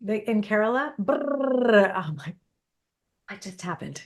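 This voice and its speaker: A woman hosting a podcast interview, chatty and quick to agree and add her own examples. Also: mid-range voice, animated. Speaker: podcast host. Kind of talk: conversational interview.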